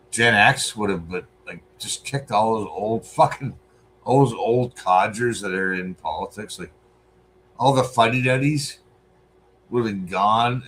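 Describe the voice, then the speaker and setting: A Canadian man in his forties talks over a debate clip in a loose, profane way, full of asides and curses. His voice sits low, and a faint hiss runs under it. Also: fairly bright tone, low-quality recording. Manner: blunt, swearing, rambling asides. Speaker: streamer reacting to a debate. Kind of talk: casual profane commentary.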